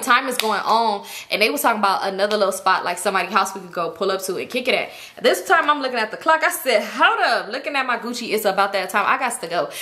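A young woman telling a story on her channel, animated and slangy, swearing and laughing as she acts out her friends' voices. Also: a little high. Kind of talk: casual storytime vlog.

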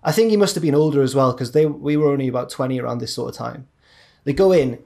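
A man's voice: medium pitch, fast talker, creaky, dark tone. A young man co-hosting a podcast, telling a long rambling story in a casual, chatty way. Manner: rambling, chatty, drops into mate's voices. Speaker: podcast co-host.

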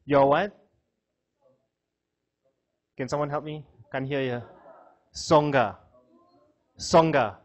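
A man giving a classroom lecture, chatting with students, asking questions and laughing often. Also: a little high.

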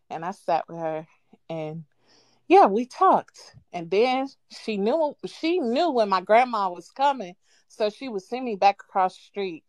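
A woman calling in to a live show, casually telling a childhood story with lively quoted voices and frequent laughs. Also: mid-range voice, no room sound. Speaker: caller. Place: at home on a live call. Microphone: phone.

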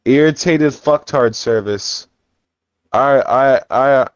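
A man's voice: mid-range voice, slow pace, clear, resonant tone. A man in casual gaming banter, blunt and crude with his teasing. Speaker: gamer in voice chat.

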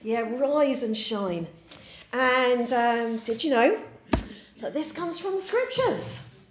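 A woman's voice: a little high, lively intonation, takes it slowly, a little hiss or hum. A woman in her forties from Yorkshire, preaching a chatty, story-filled sermon and quizzing her congregation. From Yorkshire, England. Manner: chatty, anecdotal, asks the congregation questions. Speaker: pastor. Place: church. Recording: echoey church room.

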